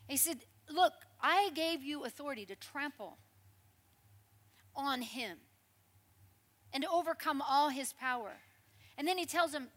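A woman preaching a sermon in a lively, conversational storytelling way, with frequent asides to the congregation. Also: sits high, measured pace, long pauses.

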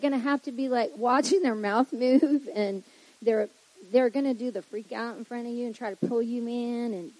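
A woman pastor preaches to her leaders in a mellow, slightly husky voice that sits a little high. She keeps it conversational, checking in with "right?" and acting out small quoted exclamations. The sound is close and dry. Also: fairly even intonation, moderate pace, no echo, poor audio. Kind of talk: sermon to church leaders.

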